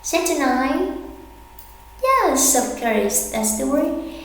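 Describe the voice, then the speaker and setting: A woman teaching an English lesson, slow and deliberate, repeating words for her learners. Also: high voice, big pitch swings. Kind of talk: language lesson. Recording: echoey hall with faint hum.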